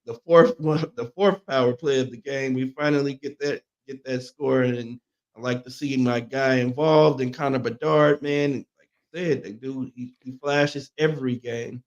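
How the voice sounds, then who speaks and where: A man's voice: medium pitch, steady tone, normal speed, dull audio. A man co-hosting a morning sports talk show, laid-back and agreeable, breaking down the game in easy conversation.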